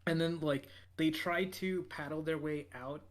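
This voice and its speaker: A man's voice: on the high side, fairly even intonation, unhurried. A man with a slightly raised voice talks through a podcast recap in a loose, casual way. He rambles, restarts his sentences and leans on fillers as he goes. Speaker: podcast co-host.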